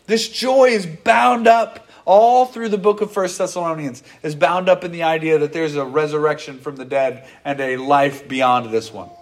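A man preaching a sermon to his congregation, earnest and conversational, often acting out what people say. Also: fairly high pitch. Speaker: pastor.

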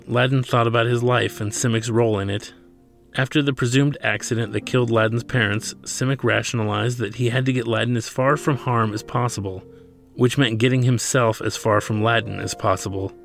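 Male author reading his own novel, with a low gravelly voice and a measured pace, over faint music. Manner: steady, measured storytelling.

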